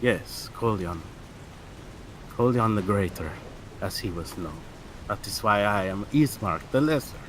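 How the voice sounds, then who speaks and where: A somber young nobleman with a lowish voice, as a man plays him, speaking formally and slowly, heavy with grief for his father. The recording carries noticeable background noise. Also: expressive. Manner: formal, measured, sorrowful. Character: weary noble son living in his father's shadow.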